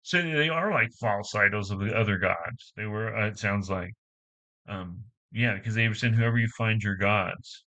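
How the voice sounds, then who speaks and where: A man reading scripture aloud in a halting way, restarting phrases and adding casual asides. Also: on the low side, bright, forceful tone, highs cut off. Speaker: Bible reader and commentator.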